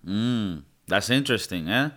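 A man's voice: fairly low pitch, animated, measured pace, pushed and bright. A man co-hosting a casual movie review podcast, swearing often and restarting his sentences. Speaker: podcast co-host.

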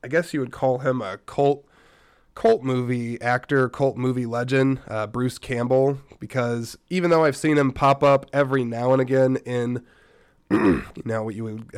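Worn-out guy rambling on his podcast, smooth clean voice, dry close mic. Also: fairly low pitch, dry recording. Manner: rambling, self-correcting, chatty asides. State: recovering from a stomach bug, a bit tired. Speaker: podcast host. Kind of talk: casual solo podcast chat.

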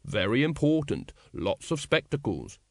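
A man's voice: medium pitch, wildly swooping pitch, normal speed, gravelly, dry recording, clean studio sound. A male narrator voicing a pompous middle-aged man who lectures knowingly about kings. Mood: lecturing. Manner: ponderous and lecturing. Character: pompous middle-aged man, a self-appointed royalty expert.

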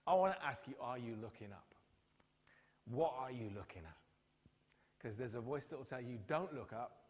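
A man's voice: mid-range voice, normal speed. A man preaching a sermon, telling the story with acted-out quotes. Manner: storytelling, acts out quotes with lively voices. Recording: long hall reverb.

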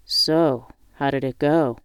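A man's voice: medium pitch, slow, smooth, no room sound, clean studio sound, natural voice. A woman reading the part of a male friend who teases and encourages over the phone. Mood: teasing. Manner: warm teasing, encouraging.

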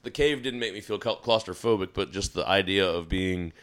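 A man on a podcast, telling stories in a casual, animated way, swearing freely and acting out his own panic. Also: sits low, brisk. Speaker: podcast guest. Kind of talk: casual storytelling chat.

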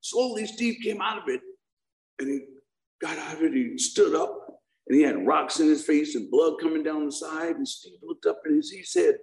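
In an echoey room, a middle-aged man shares his recovery story with a live audience, keeping it humorous and tossing questions and jokes their way. His voice sits on the high side, and he talks at a normal speed.

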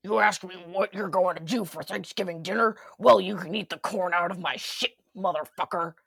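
A gruff, menacing horror slasher, as a woman puts him on, growling his words in a gritty voice. The take is low for a woman and sounds a bit away from the mic. It plays as a joke podcast impression. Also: normal speed, fairly bright tone, dry recording, heavily acted. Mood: snarling. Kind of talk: impression for laughs.

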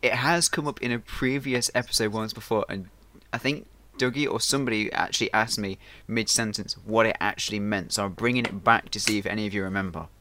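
A man co-hosting a podcast in casual chat, jokey and quick to laugh. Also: on the low side, sharp tone, a little hiss or hum. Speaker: podcast co-host.

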